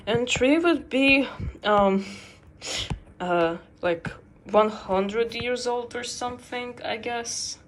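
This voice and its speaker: A woman streamer talking very slowly in a slightly high voice, rambling and giggling through lots of fillers as she chats while drawing. Her stream mic picks up clear background noise and clicks. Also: rough recording. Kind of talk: casual livestream chat while drawing.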